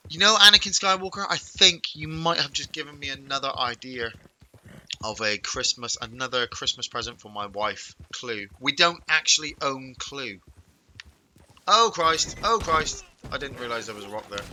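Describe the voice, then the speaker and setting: A man chatting casually with viewers while playing a game, telling rambling stories with animated chuckles. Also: medium pitch, slight background noise, low-quality recording. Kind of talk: casual live-stream chat.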